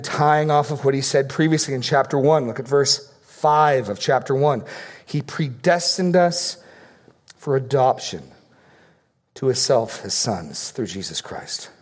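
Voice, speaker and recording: A man's voice: mid-range voice, a little mellow. A middle-aged man preaching a sermon as pastor, teaching earnestly through outline points and Bible verses.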